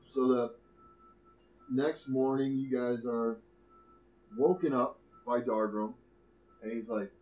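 A man's voice: medium pitch, steady tone, takes it slowly, pauses often, darkish tone, reverberant, poor audio. Casual man running a tabletop game. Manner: casual, loose narration with restarts. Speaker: game master.

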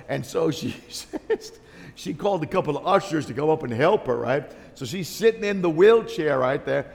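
Raspy-ish preacher guy rambling thru a story, kinda high voice, lots of restarts. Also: normal speed. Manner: rambling, animated, many restarts and asides. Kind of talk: sermon storytelling. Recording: long hall reverb.

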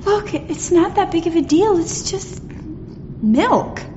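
A woman's voice: extremely high pitch, animated, slow, exaggerated voice. A woman playing a weary, defensive wife. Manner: pleading, defensive. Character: tired wife and mother asking for errands. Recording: muffled roomy sound with clear background noise.

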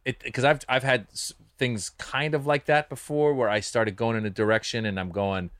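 A man, a comedian, in casual chat, telling stories fast and acting out his bits. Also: mid-range voice, fairly even intonation, a bit bright, no room sound. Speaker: comedian co-host.

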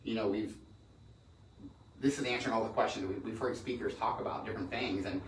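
A man's voice: on the low side, steady tone, slight background noise. A middle-aged man in real estate, telling rambling stories in a casual podcast conversation, often restarting his sentences. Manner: fast, rambling storyteller with frequent restarts. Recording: echoey room, mic at a distance.

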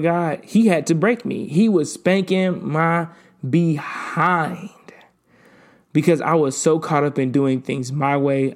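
A man's voice: mid-range voice, a little mellow. A man hosting a podcast, giving an earnest, casual faith talk and often repeating words as he goes. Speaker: podcast host.

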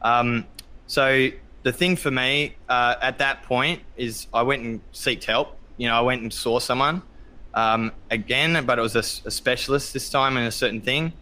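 A man speaks as a podcast guest in a bright, forward voice. He talks candidly and reflectively, pausing on ums and bursting into loud acted-out quotes. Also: medium pitch. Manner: open, reflective, many ums, acts out quotes loudly. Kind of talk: candid conversational storytelling.

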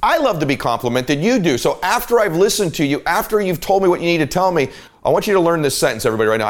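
A man's voice: on the high side, big pitch swings, fast. A man hosting a podcast, giving a motivational teaching monologue in an emphatic, repetitive coaching manner. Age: adult parent. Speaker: podcast host and sales coach.

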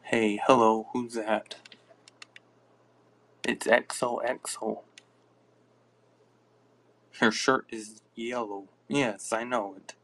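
Slow, gravelly low-voiced man. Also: fairly even intonation, a bit bright. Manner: mumbling, halting, offhand. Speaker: podcast host. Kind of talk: casual live-stream chatter.

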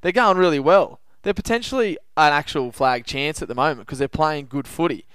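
Australian bloke co-host, casual opinionated footy chat, slightly high voice. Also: male voice, a little fast, fairly bright tone, clean tone, no room sound. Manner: opinionated, laughs often, colloquial. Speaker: podcast co-host. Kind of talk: casual sports podcast chat.

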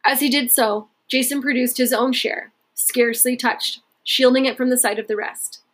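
A woman reading a historical novel aloud at a steady, measured pace. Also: high voice, husky. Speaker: narrator.

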